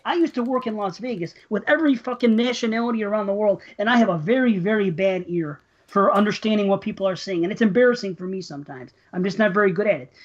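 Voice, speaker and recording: A woman co-hosting a podcast in casual chat, ranting in profane exasperation. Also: mid-range voice. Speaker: podcast co-host. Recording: dull lo-fi podcast audio.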